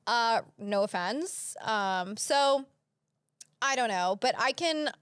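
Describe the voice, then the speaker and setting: A woman's voice: on the high side, expressive, takes it slowly, fairly bright tone, smooth, dry recording. A young adult woman hosting a podcast, talking bluntly in casual chat with lots of "like" and "you know". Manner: blunt, filler-heavy, says "like" often. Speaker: podcast host.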